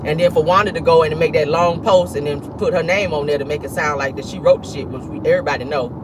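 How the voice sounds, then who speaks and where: A host giving casual gossip commentary from a moving car, sassy and animated, laughing often. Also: medium pitch, fast. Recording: noisy car interior, road noise.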